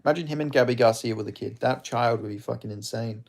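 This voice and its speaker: Excitable man reacting to a live fight. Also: medium pitch, quick pace. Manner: excitable, swearing, bursts into loud reactions. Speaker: streamer hosting a live fight watch-along. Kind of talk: live casual fight commentary.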